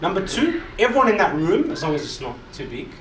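This high-voiced preacher is very animated and fast, hammering his message emphatically at a youth gathering. He repeats lines and quizzes the crowd, recorded from afar in a reverberant hall with crowd noise and other clutter.

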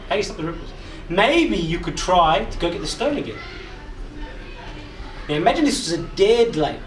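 Emphatic high-voiced man preaching. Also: very animated, moderate pace. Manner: repetitive, emphatic, asks the audience questions. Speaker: preacher, youth speaker. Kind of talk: sermon to a live group. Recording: echoey hall, mic far off, audible noise.

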